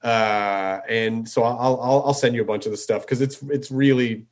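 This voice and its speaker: A man hosting a casual chat, animated and full of filler words. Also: mid-range voice, normal speed. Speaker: host.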